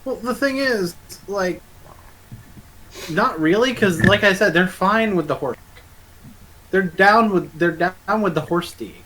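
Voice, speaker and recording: Guy on a voice call, crude jokes, argues back, kinda high voice, faint hiss behind. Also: lively intonation, measured pace, long pauses. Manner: crude, joking, argumentative. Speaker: guest co-host on a stream. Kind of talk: casual chat on a call.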